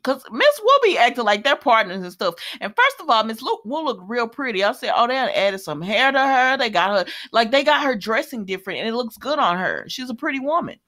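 A woman's voice: on the high side, sing-song, a little fast, hardly any pauses, bright, forceful tone. A woman casually recapping a soap opera episode, chatty and colloquial, adding her own running commentary and talking to viewers as y'all. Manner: chatty, retells scenes with running commentary and laughs.

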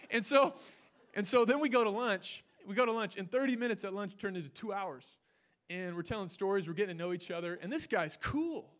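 A young man preaches from a church stage with a bright, high-set voice. He tells his story in big swings, shouting one moment and dropping low and quiet the next. The sound comes through a stage microphone. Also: brisk. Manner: animated storytelling, swinging from loud to hushed. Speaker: pastor. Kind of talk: sermon with personal story.

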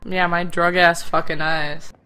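A woman's voice: lowish voice, flat delivery, a little slow, sharp tone. A young woman commenting on a game she plays, reacting bluntly with angry, profane remarks. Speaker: gameplay commentator. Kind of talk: let's play commentary.

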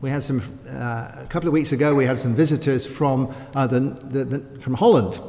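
A man's voice: medium pitch, steady tone, brisk, creaky, mellow. A man preaching a sermon in a church, conversational, with frequent asides and rhetorical questions. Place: church sanctuary. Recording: church hall with long reverb.

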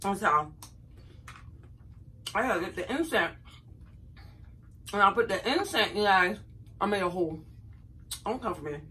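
A middle-aged woman vlogger chats animatedly to camera, calling her viewers y'all as she recounts a funny story from her youth. Her mid-range voice is unhurried with frequent pauses, and the recording quality is low.

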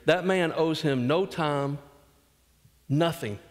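A man's voice: on the high side, slow. A man with a Southern US accent preaching a sermon as pastor, earnest, acting out quotes and dropping asides to the congregation. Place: church sanctuary. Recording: long church reverb.

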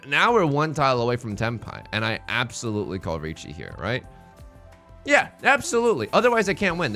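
Young guy rambling through a game, goofy asides, pitch bouncing all over, soft music under it. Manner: rambling, jokey, self-mocking, full of restarts. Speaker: let's play host. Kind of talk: casual gameplay commentary. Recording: faint music behind.

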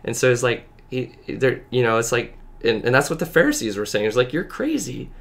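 A man with a medium-pitched, slightly bright voice speaks as a podcast guest about his personal faith. His casual telling is earnest and halting, packed with fillers, and now and then he sounds close to tears.

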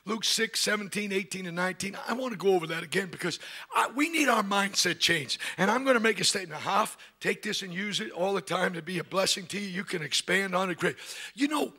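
A man preaching a loud, fiery Pentecostal sermon to a congregation in a church. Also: high-pitched, a little fast, breathy edge. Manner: loud, shouting, preaching with rising bursts.

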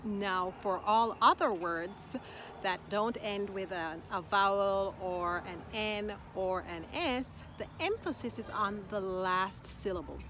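A woman teaching a language lesson at an unhurried pace, sounding encouraging and patient. She repeats each word slowly and distinctly so the listener can follow. Noticeable background noise runs under her voice from an outdoor spot. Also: mid-range voice, a bit bright. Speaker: Spanish teacher. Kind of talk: slow, clear language lesson. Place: outdoors in Mexico.

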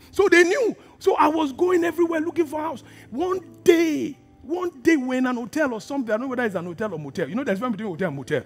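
A man preaching a sermon, telling a personal story with acted-out dialogue and hushed asides. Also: very high-pitched, expressive, fast, breathy edge. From Nigeria. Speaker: pastor.

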